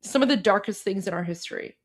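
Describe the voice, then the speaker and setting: A woman's voice: mid-range voice, fast. A young woman from Iran hosting a livestream, chatting casually with many fillers and restarts. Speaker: livestream host.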